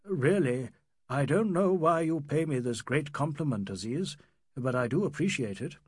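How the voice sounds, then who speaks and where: A male narrator voices a composed Englishman in an audiobook, speaking in an understated, measured way. The voice is husky and sits a little high, and it is recorded dry and close. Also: animated, no room sound. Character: composed middle-aged Englishman, reserved and fair.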